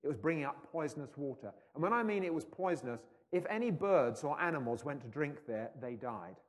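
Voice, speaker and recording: A male preacher giving a sermon, swinging between loud proclamation and hushed intensity. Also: on the high side, lively intonation, a little fast. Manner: mocking taunts when acting out scripture scenes. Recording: long hall reverb.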